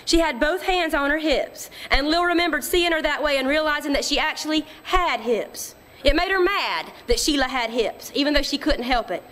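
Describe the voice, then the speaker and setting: A woman narrating literary fiction in a measured, quiet storytelling manner. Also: high-pitched, lively intonation. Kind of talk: audiobook reading of literary fiction.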